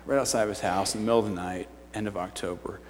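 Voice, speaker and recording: A man preaching a sermon as a youth pastor, dropping to hushed near-whispers and then rising to loud shouts. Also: on the low side, steady tone, quick pace, faint music behind. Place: church sanctuary. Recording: long hall reverb.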